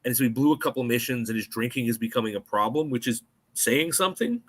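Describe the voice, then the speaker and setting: An American man co-hosting a podcast, chatting casually and eagerly about a spy film and slipping into quick mock voices. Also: mid-range voice, breathy edge. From United States. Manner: animated, puts on mock voices in quotes. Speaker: podcast co-host.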